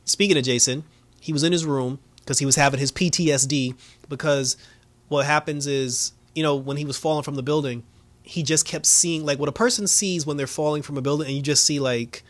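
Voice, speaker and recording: A man's voice: fairly high pitch, brisk, dry recording. Man casually recapping an episode. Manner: loose, lots of fillers, laughs often, acts out quotes. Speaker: show reviewer.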